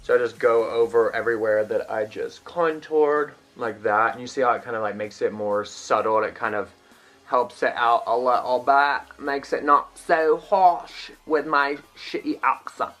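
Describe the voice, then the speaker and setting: A man's voice: mid-range voice, moderate pace, a bit bright, soft background music. A young man chatting through a makeup tutorial in a casual, self-mocking way. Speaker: vlogger.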